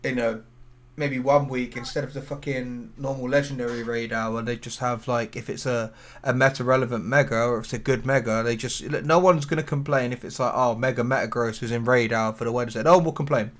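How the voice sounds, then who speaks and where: A man's voice: medium pitch, steady tone, brisk. A man co-hosting a podcast, chatting in a rambling, sweary way. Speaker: podcast co-host. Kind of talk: casual chat.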